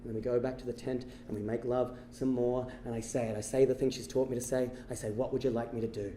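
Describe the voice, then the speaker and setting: A man telling a long personal story on stage as a stand-up comedian, animated and swinging from hushed lows to shouted bursts. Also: fast talker, reverberant, a little hiss or hum. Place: stage before a live audience.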